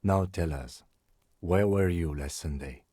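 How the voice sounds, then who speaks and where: A man voicing a calm, measured police officer questioning a witness in a video game. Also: low-pitched, husky, dry recording, clean studio sound. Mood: stern. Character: calm, stern male police lieutenant.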